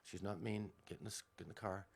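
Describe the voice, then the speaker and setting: An exasperated mother, played by a man telling a story, scolding briskly and brushing off her son's excuses. The voice is low and gravelly, with quick, no-nonsense orders. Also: steady tone, heavily acted.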